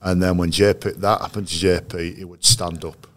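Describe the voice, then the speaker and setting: A man with a very low, deep voice recalls his players in an unhurried interview. He speaks as a coach, measured and anecdotal, often restarting his sentences as he thinks. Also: level tone, a bit bright. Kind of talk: interview storytelling.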